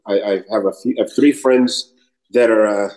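Animated New man telling stories. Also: on the low side, normal speed, low-quality recording. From New York City. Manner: animated storyteller, slips into accents and voices. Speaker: actor guest. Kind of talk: casual interview chat.

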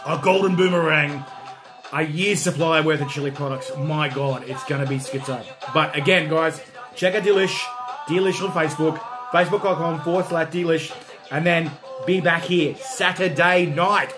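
An Australian man reviewing hot sauces in a loud, jokey, whooping livestream style. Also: fairly high pitch, normal speed, over music.

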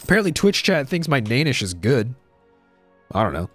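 A young man talks through his strategy game in a loose, thinking-aloud way, his pitch swinging up and down as he goes. He repeats himself and drops in casual slang. The sound is close and dry on a desk microphone, with faint music underneath. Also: sing-song, moderate pace, a bit bright, dry recording. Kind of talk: casual let's-play commentary.

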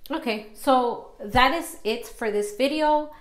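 A woman vlogger casually chatting while she tests a lapel microphone, giggling and filling pauses with loose fillers. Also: sits high, slight background noise, low-quality recording. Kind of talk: casual product-test vlog.

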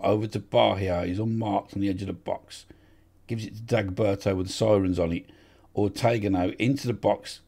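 A man's voice: low-pitched, mellow, breathy edge. A man commentating on a football management game, swearing and urging on his players in casual chat.

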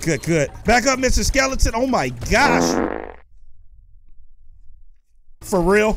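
High-voiced excitable young man gaming. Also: slight background noise. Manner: animated, shouts and taunts in-game enemies. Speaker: gaming YouTuber. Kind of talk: excited let's-play commentary.

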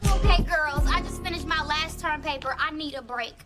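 An actress playing an excitable, upbeat young college woman in a sitcom. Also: high voice, normal speed, loud music behind the voice, lightly acted. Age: young adult. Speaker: college student. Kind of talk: sitcom acting.

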